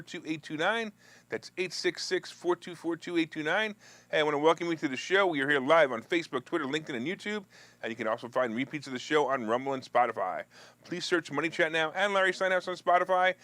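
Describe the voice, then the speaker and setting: A man with a pushed, bright voice and no echo hosts a live stock market show covering finance and politics. He chats loosely and jokes with viewers, restarts and wanders into asides, and mocks opponents in a whiny high voice.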